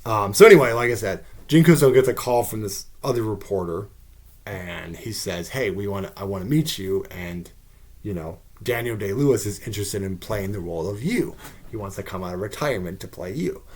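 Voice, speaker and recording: A man hosting a podcast, rambling through a casual TV recap with many fillers, jumping into high, excited bursts when he quotes characters. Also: fairly quick. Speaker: podcast host.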